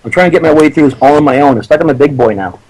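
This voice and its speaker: A man's voice: a little high, rapid-fire, crowd noise, low-quality recording. A Canadian man chatting as a guest in a brash, profane, joking way. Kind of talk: casual chat.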